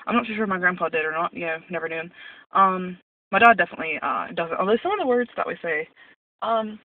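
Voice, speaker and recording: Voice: mid-range voice, dry recording. A speaker from West Virginia putting on an Irish accent for a casual vlog, rambling and hesitant with many ums and uhs. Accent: put-on Irish accent. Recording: tinny phone-like audio from a distant mic.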